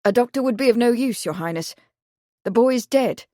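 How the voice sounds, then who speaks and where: A woman voicing a sober, commanding upper-class gentleman in an audiobook. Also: a little high, lively intonation, moderate pace, no echo, clean studio sound, close to an everyday voice.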